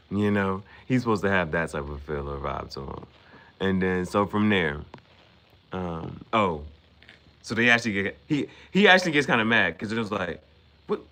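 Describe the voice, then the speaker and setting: Lively, bright-voiced man recapping casually. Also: on the low side, moderate pace. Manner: rambling, repeats himself, quotes characters in casual slang. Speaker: anime reaction host.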